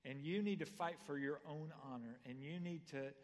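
A man's voice: on the high side, normal speed. Man preaching in a reverberant sanctuary. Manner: storytelling, swings from quiet asides to loud punchlines. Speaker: pastor. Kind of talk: sermon. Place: church sanctuary.

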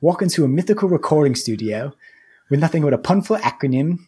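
A man's voice: on the high side, lively intonation, quick pace, warm tone, breathy edge. A man reading a listener review aloud in a hammy, put-on Australian accent, biting down on each word for comic effect. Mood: mock Australian. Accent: mock Australian.

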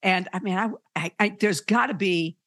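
This podcast host teaches faith in a loose, preachy style, earnest and animated, with frequent fillers and restarts. His voice sits at a medium pitch and moves at a moderate pace. The recording is dry and close, with no room sound or echo.

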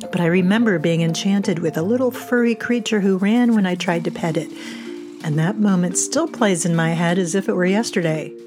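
An American podcast host tells a scripted, humorous story with wry self-mockery. Her voice is on the low side and moves at normal speed. Music plays beneath her.

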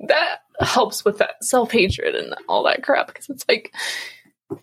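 A woman's voice: on the high side, wildly swooping pitch, slow, vocal fry, long pauses, fairly bright tone, husky. A young woman co-hosting a casual faith podcast, rambling with many fillers and frequent laughs. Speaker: podcast co-host.

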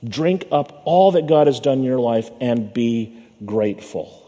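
A male pastor preaching a sermon in a church sanctuary. He uses a measured preaching cadence, slowing down and dropping low on the words he wants to land. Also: expressive, dark tone. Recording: long reverb of a church hall.

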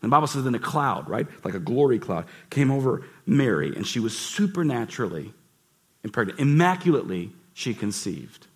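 A man preaching a lively sermon in church, asking the listeners questions and acting out the voices in the story. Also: mid-range voice, a little fast, slightly rough. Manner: animated preaching, acts out voices and asks the crowd questions. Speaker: pastor.

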